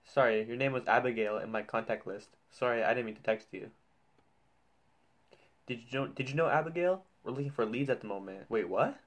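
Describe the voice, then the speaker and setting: A man's voice: mid-range voice, brisk. A man hosting his channel, reading funny texts aloud in casual reaction commentary, joking and swearing as he goes. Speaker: youtuber.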